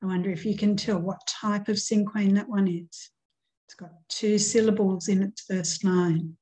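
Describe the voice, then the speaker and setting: A woman teacher giving a recorded grammar lesson, reading example poems aloud and counting out syllables deliberately. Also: mid-range voice, fairly even intonation, a little mellow, poor audio.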